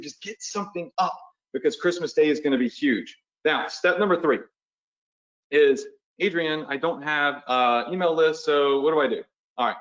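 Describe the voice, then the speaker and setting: A man's voice: medium pitch, muffled recording. A man hosting a live webinar as an online business coach, talking in a casual, pushy, motivational way and often checking in with the audience.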